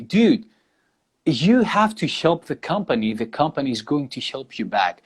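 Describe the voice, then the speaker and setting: A husky, mid-range male voice with big pitch swings comes through a video call or live stream at moderate speed. The speaker, a Greek guitarist with a Greek accent, is interviewed casually in English and sounds sincere and thankful, often starting sentences over.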